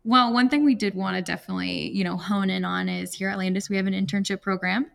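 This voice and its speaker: A young woman hosts a podcast interview in a friendly, easygoing way, using lots of fillers and laughing easily. Her voice sits at a middle pitch and carries noticeable vocal fry. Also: steady tone, fast, a bit bright. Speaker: podcast host.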